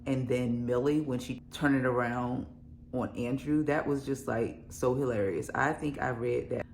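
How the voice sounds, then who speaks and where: Woman, book vlogger, casual chat to camera, gravelly fry, chatty, laughing. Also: extremely low pitch, fairly even intonation, normal speed, a little hiss or hum. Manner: chatty, laughs often, lots of fillers and "y'all".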